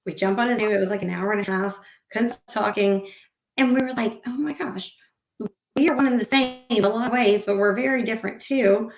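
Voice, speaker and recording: A woman's voice: mid-range voice, fairly quick. A woman hosting a podcast, talking casually and animatedly, often acting out quoted conversations. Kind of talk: casual interview chat. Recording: roomy echo.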